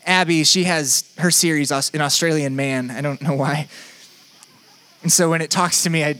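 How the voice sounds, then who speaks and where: A man's voice: a little high, steady tone, normal speed, sharp tone. A young man preaching a sermon in a conversational, playful, self-deprecating way. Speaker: pastor.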